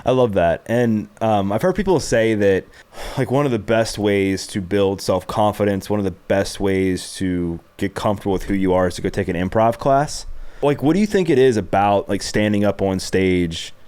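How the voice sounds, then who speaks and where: A male podcast host with a very deep, smooth, resonant voice. He asks long, earnest questions and wanders through his thoughts with plenty of fillers. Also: lively intonation, normal speed, a little mellow. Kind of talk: casual interview chat.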